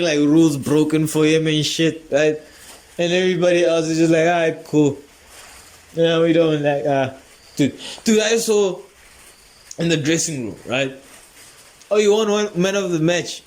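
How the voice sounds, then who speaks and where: A man's voice: fairly high pitch, darkish tone. A man hosting a comedy podcast, telling a rambling, profane story and laughing often. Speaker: podcast host.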